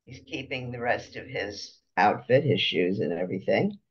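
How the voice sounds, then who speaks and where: A man giving an unhurried slide-show lecture, pausing often as he explains each picture. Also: fairly low pitch, expressive, breathy edge, lo-fi sound.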